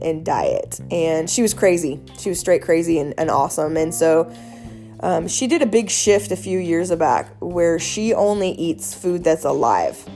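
A woman speaks in a fairly low voice, talking through wellness advice in a casual, earnest and animated way. Soft music plays faintly behind her. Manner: earnest, animated, chatty with many fillers.

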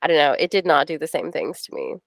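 A woman's voice: low-pitched, lively intonation, fast, creaky. A woman co-hosting a casual podcast chat, gushing about what she loved and leaning on "like" constantly. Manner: gushing, leans on "like". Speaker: podcast co-host.

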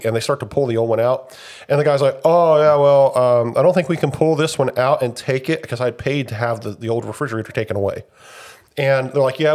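Young male podcast co-host, slightly hoarse after illness, rambling and chatty. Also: medium pitch. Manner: rambling storyteller, animated when retelling events. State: recovering from covid, slightly hoarse. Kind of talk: casual chat.

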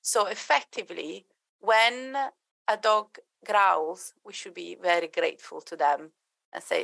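A woman's voice: on the low side, a little slow, creaky, a bit bright, no room sound. Earnest woman dog trainer, dry sound. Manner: earnest, many restarts, acts out quoted voices. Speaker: dog trainer and behaviourist guest. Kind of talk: interview answers.

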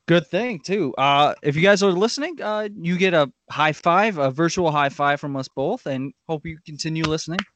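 A man's voice: a little high, moderate pace, hardly any pauses, fairly bright tone, a little hiss or hum. A man co-hosting a podcast in casual chat, laid-back and chatty. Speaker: podcast co-host.

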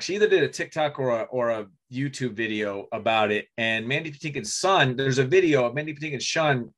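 A man co-hosting a casual movie podcast, rambling with many restarts and frequent throat clearing. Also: medium pitch, fairly bright tone. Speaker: podcast co-host. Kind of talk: casual chat about movies.

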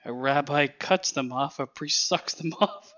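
A man's voice: fairly high pitch, background noise. A man on a casual podcast, firing off crude one-liners and giggling, with a loose, swearing manner. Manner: giggly, swearing, rapid-fire joke teller. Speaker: podcast co-host. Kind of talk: casual chat. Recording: dull lo-fi sound.

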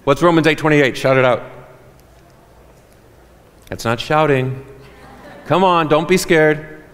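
A man preaching a sermon as pastor, animated and joking with the congregation. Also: a little high, slow pace. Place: church hall. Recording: reverberant church hall.

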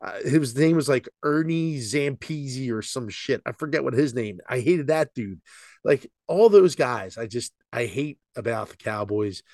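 A man's voice: medium pitch, a little slow, no echo, studio quality. A man co-hosting a casual sports podcast, ranting with plenty of swearing. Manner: animated, profane sports ranting. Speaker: podcast co-host. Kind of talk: casual chat.

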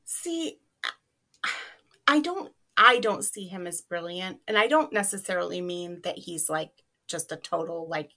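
Female co-host; slow, bright, reflective conversational delivery with lots of hedging. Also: fairly low pitch. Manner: thoughtful, hedging with many fillers. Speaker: podcast co-host. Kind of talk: casual fan discussion.

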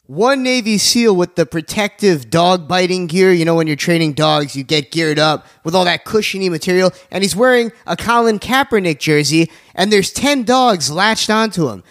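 High-voiced joking radio host man. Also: fairly bright tone. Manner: jokey, plugs sponsors, fast asides. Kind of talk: casual radio banter.

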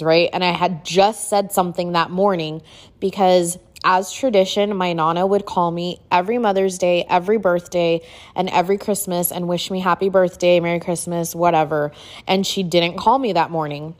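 A woman's voice: fairly low pitch, normal speed. Chatty woman telling a personal story. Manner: chatty, filler-heavy, uses "like" often; animated when quoting people. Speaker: podcast host.

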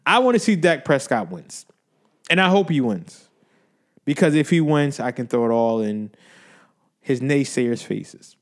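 Guy doing his own sports podcast, hyped and playful, mid-pitch voice, just riffing. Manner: animated, hype, playful banter. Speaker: podcast host. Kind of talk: casual sports commentary.

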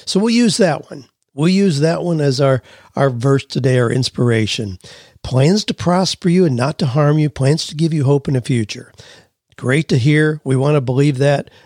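In clean studio sound with a dry recording, a man with a fairly high, darkish voice hosts a career podcast at normal speed. His casual talk leans on "you know" and "well" as he plays with the way emphasis shifts meaning.

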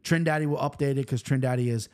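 A man hosting a fight-betting show, talking in a rambling, profane, animated way. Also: mid-range voice, quick pace. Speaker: host of a fight-picks show. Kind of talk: casual betting chat.

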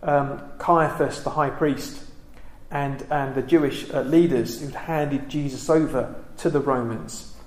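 A man giving a reflective Bible study talk, pausing often with ums and restarting his sentences. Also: medium pitch, steady tone, darkish tone, echoey room. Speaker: Bible teacher.

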